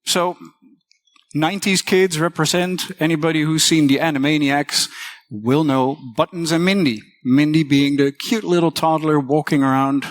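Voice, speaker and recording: A woman's voice: low-pitched, fairly even intonation, moderate pace, dry recording. A woman teacher giving a casual conference talk, swearing freely and acting out the voices she quotes.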